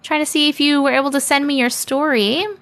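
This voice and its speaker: Through a desk microphone, a woman reads viewer stories on a casual live stream, chatting playfully and dropping sarcastic asides. She sounds high and a bit bright, with fairly even intonation at a fairly quick pace.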